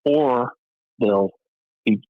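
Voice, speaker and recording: A man's voice: medium pitch, very slow, dry recording. A man with a West Tennessee accent, chatting casually with a friend, laid-back and joking. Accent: Southern US, West Tennessee. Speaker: friend and co-host. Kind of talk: casual chat. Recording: dry, dull lo-fi sound.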